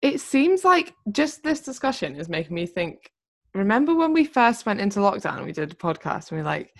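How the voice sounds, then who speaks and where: A woman's voice: mid-range voice, sing-song, a little fast, creaky. Chatty young woman podcast co-host. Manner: chatty, laughs easily. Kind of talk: casual chat. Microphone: video call.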